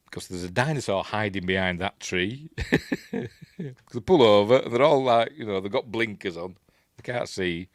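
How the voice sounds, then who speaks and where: A Yorkshire man talks through a film in a relaxed, meandering way, pausing often to search for words and wander off on tangents. His voice sits on the low side and comes across close and dry, with no room sound around it. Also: no room sound. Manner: rambling, hesitant, full of asides. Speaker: film reviewer. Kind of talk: casual film commentary over playback.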